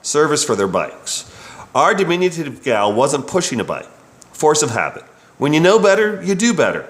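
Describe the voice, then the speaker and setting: A man's voice: fairly high pitch, big pitch swings, moderate pace. Wry man telling a work story. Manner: wry and opinionated. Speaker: bike shop service writer. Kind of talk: reading a personal work story. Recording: roomy echo.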